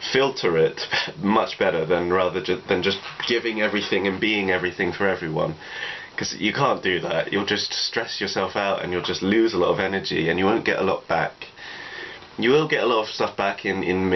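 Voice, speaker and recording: A man, talking through personal advice in a reflective, rambling way, leaning on "you know" a lot. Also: low voice. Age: 20s. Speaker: vlogger. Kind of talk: casual advice monologue. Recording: dull lo-fi recording with faint noise.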